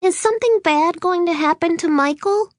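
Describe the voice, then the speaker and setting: A woman reading an audiobook, voicing a small frightened little girl who talks in a high, worried voice. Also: normal speed, no room sound, studio quality. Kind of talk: audiobook character voice.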